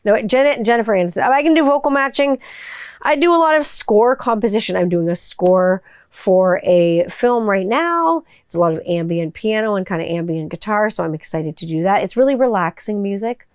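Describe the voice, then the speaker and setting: A woman's voice: mid-range voice, expressive, moderate pace, clean tone, dry recording, clean studio sound. A woman hosting her own podcast in a casual, jokey and profane way. She works as a voiceover artist and talks about her kids. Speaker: podcast host. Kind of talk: casual solo podcast chat.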